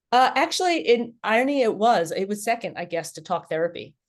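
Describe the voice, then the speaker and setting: A woman's voice: fairly high pitch, normal speed. A middle-aged woman, a podcast guest, telling her personal story candidly and with animation. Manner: candid, animated, laughs at herself.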